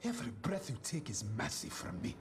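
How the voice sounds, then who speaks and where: A man's voice: on the high side, big pitch swings, a little fast. An actor playing a commanding king who coldly threatens a captive, in a film clip. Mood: menacing. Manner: cold, threatening. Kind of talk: film dialogue played on stream.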